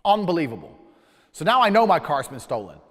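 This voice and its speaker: A man tells a story at a quick clip, cursing freely and swinging his voice up and down. His pitch sits a bit above the usual for men. A long reverb hangs after his words, as if he were in a big hall. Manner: animated, profane, acts out dialogue. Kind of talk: casual storytelling.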